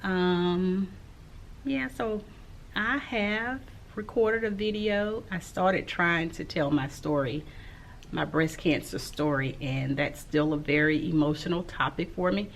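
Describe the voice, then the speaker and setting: Middle-aged woman teacher, low gravelly voice, unhurried vlog delivery, faint room hum behind. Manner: slow, soft-spoken and reflective, with frequent "um". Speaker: elementary school teacher. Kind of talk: casual vlog talk to camera.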